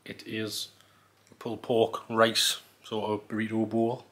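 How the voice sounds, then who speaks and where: A man's voice: lowish voice, monotone, slow, a bit bright, a little hiss or hum. A man chatting casually off camera with brief, laid-back remarks, heard from a distance. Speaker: vlogger's partner. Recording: distant from the mic.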